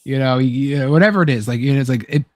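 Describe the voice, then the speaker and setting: A man's voice: mid-range voice, rapid-fire, dry recording, studio quality. A man hosting a casual chat who reads from a film script, rambling with many fillers and restarts. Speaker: host.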